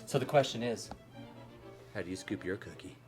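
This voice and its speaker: A woman's voice: a bass voice, moderate pace. A woman hosting a casual cooking demo, talking in a playful, rambling, joking way. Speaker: cooking show host. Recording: background music.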